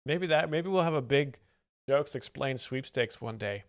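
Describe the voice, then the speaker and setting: A man's voice: mid-range voice, animated, normal speed, dry recording, studio quality. A man hosting a live stream, commenting playfully on a comedy clip and laughing often. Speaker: joke explainer host.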